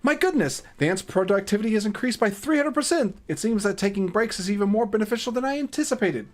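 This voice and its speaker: A man's voice: sits high, animated, quick pace, voice pushed up. A man voicing a formal, pedantic robot with a screen for a face, in a raised, prim and precise voice while reading a game aloud. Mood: impressed.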